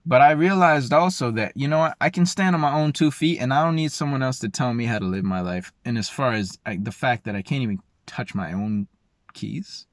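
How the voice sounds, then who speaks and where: A young man casually telling a personal story in an emotional, animated way with slangy, informal speech. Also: mid-range voice, fairly quick, dry recording, studio quality.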